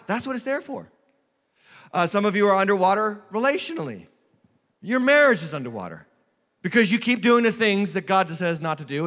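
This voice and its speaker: Bright-voiced preaching pastor. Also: male voice, high-pitched. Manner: emphatic preaching, swinging from loud to hushed. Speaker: lead pastor. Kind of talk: sermon. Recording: long hall reverb.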